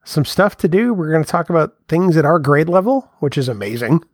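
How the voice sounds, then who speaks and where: A man's voice: on the high side, animated, brisk, slight background noise. A man co-hosting a podcast, teasing his partner in casual, playful banter. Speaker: podcast co-host. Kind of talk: casual chat.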